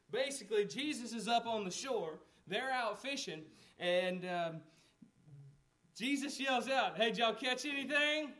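With a high, fairly bright voice, this man delivers his sermon as pastor in a chatty way, quizzing the congregation and voicing the characters in the story himself.

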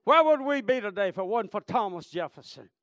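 A male preacher with a very high voice, delivering a fiery sermon. He repeats his points and keeps calling out to the congregation. The sound is close and dry. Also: lively intonation, a little fast, fairly bright tone, dry recording. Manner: fervent, repetitive, calls out "Amen?" and "friend".

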